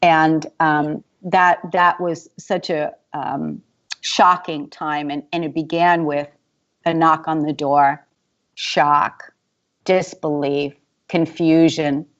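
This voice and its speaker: A woman's voice: low voice, level tone, slow. A woman hosting a talk show interview who often repeats her words as she starts sentences. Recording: dull lo-fi recording.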